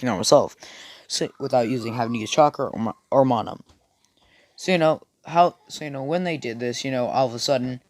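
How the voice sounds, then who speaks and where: A man's voice: medium pitch, no echo. A man telling a fan story in a casual, rambling way full of fillers and restarts.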